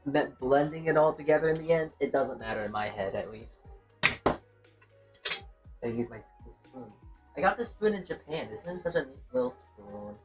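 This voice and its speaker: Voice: mid-range voice, lively intonation, normal speed. A streamer cooking in a home kitchen, chatting casually to viewers and to themself while reading chat. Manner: rambling, chatty, talks to self and chat. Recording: distant mic with music behind.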